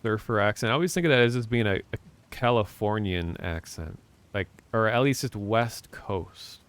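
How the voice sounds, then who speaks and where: A man's voice: on the low side, moderate pace, fairly bright tone, clear, resonant tone. A man from Minnesota chatting in a rambling, casual way to his viewers while he plays a game. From Minnesota, USA. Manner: rambling, chatty, talks to chat. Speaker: livestreamer. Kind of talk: casual chat while playing games.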